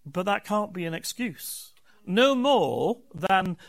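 An older man preaching a conversational sermon in a notably high voice. He speaks candidly, building his points in rhythmic, emphatic lists, as a pastor talking openly to his own congregation. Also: sing-song, takes it slowly, creaky.

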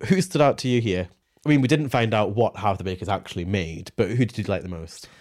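A man's voice: fairly low pitch, quick pace. A man co-hosting a podcast, chatting casually, joking and asking his co-host questions. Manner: relaxed, joking, asks questions. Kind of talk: casual chat.

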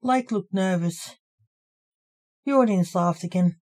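A woman reading her own story aloud as its author, in an even, unhurried storybook narration. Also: fairly low pitch.

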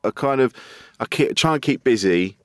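A man in casual chat, telling stories in a halting, rambling way with swearing and frequent laughs. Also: medium pitch, animated, no echo, studio quality.

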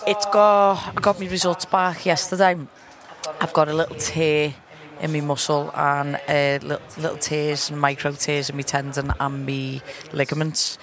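A woman's voice: deep voice, level tone, moderate pace. A woman guest talking casually in an interview, rambling and laughing often as she tells her story. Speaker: guest fighter. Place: busy launch event venue. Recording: crowd noise at a launch event.

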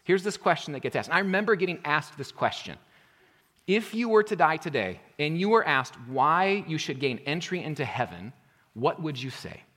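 A male pastor preaching a sermon earnestly, rising to emphatic points and then dropping to a quiet intensity. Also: a little high, big pitch swings, normal speed.

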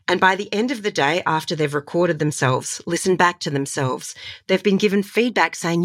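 Enthusiastic Australian woman, low voice. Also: moderate pace, no room sound, studio quality. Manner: enthusiastic, animated storytelling with laughs. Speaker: voiceover artist and voice coach. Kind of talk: conversational interview.

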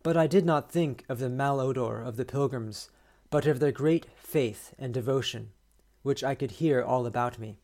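A man hosting a podcast, reading a short story aloud in a measured, steady way. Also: medium pitch. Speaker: podcast host.

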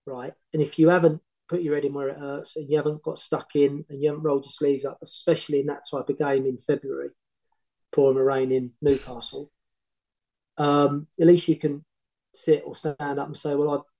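A middle-aged man, a former football manager, telling long animated anecdotes in casual podcast chat with many restarts. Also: fairly high pitch, fairly quick, rough recording. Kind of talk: casual storytelling.

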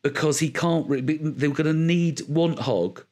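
A man in casual, enthusiastic chat, joking and trying quick impressions. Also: on the high side, a little mellow. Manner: enthusiastic, jokey, tries impressions.

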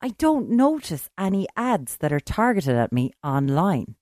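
Woman, low voice, deadpan one-liners, casual chat, dry close sound. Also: measured pace, no echo. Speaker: podcast co-host.

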